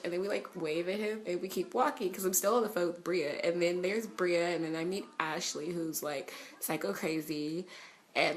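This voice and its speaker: A young woman from California telling an excited, chatty storytime vlog, swearing freely and saying "like" a lot. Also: fairly low pitch. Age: young adult. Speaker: vlogger.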